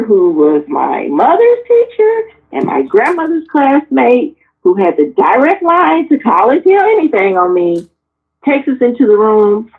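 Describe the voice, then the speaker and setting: A woman in her forties tells personal stories on a talk panel, bluntly and with plenty of swearing. She throws herself into the retelling and acts out each person's voice. Her middle-pitched voice comes through a tinny, phone-like line. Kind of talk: candid personal storytelling.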